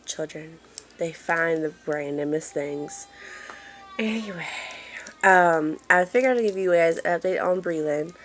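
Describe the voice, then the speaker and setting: A woman's voice: lowish voice, unhurried. A woman chatting casually in a home vlog, apologetic and rambling with lots of fillers, filming on a handheld phone in a dim room. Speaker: mother giving a family update.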